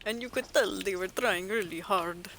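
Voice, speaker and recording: A woman's voice: medium pitch, normal speed, a bit bright, slight background noise. A woman streaming a game, chatting casually with jokes and sarcastic asides. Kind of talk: casual gameplay chat.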